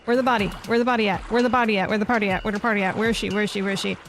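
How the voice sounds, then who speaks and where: A woman's voice: medium pitch, fairly even intonation, racing. A woman streaming a horror game, reading its text aloud, talking to herself and panicking and swearing at the game. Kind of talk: live gameplay commentary.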